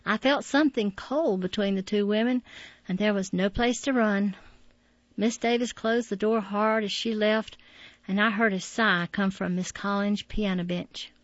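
A woman reading a memoir as an audiobook in a soft, reflective way. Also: medium pitch, steady tone, normal speed, no room sound. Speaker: narrator. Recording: dull, dry lo-fi audio.

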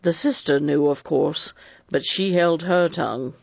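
A self-possessed middle-aged doctor, as a man reads him, smooth and evasive, with a slow, unhurried delivery. The sound is dry and a little dull. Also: on the high side, no echo. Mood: guilt-ridden. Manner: composed, good-natured, evasive.

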